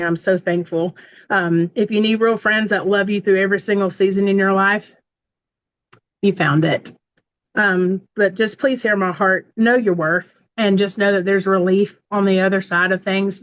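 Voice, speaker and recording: A woman's voice: medium pitch, rough recording. A woman in her forties giving a heartfelt personal testimonial to her community, earnest and encouraging. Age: 40s. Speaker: community member sharing testimonial.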